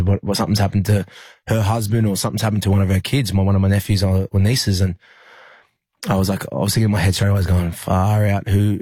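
Young Australian male athlete, low husky voice, dry close sound, halting storyteller. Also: warm tone, no room sound. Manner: halting, lots of fillers and restarts. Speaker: interview guest, rugby league player. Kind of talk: emotional personal storytelling.

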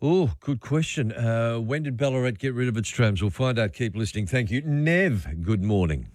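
A man's voice: medium pitch, animated, moderate pace, a little mellow, no echo. An Australian man hosting talkback radio, easygoing and brief in his replies. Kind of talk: casual radio chat. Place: radio studio. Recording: dry studio sound.

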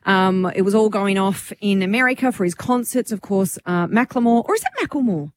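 A woman's voice: medium pitch, a little fast. A woman hosting a radio show, gossiping and telling a story in casual chat. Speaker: radio host.

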